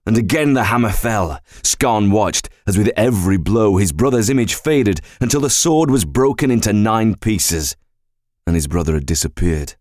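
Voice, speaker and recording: A male reader narrating a fantasy audiobook in a measured, deliberate storytelling manner. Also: lowish voice, a little mellow, dry recording, clean studio sound.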